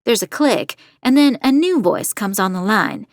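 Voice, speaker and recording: An actress playing a determined young woman true-crime podcaster, narrating her story in the first person in a measured, confiding way. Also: on the high side, lively intonation, no room sound, close to an everyday voice.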